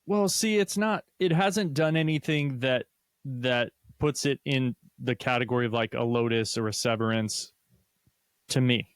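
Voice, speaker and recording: A man's voice: medium pitch, a little slow, clean tone, no room sound. Male podcast co-host, easygoing and agreeable, medium voice, dry studio sound. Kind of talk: casual chat.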